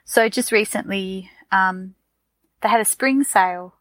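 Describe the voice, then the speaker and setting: A woman's voice: mid-range voice, a little slow, fairly bright tone, no echo, poor audio. A woman from Tasmania with an Australian accent, chatting casually as a podcast co-host, rambling with fillers and restarts. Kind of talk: casual chat.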